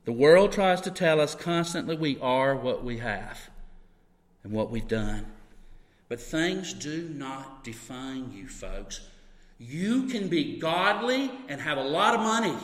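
A man's voice: mid-range voice, big pitch swings, unhurried. A man preaching a sermon to his congregation, telling stories with sudden bursts of emphasis. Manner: storytelling with bursts of emphasis and laughter. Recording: long hall reverb.

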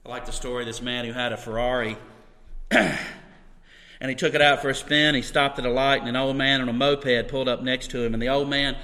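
A man preaches a sermon to his congregation, telling stories punctuated by sudden bursts of emphasis and laughter. His mid-range voice is sharp in tone, a little fast, with fairly even intonation. A long hall reverb surrounds the recording.

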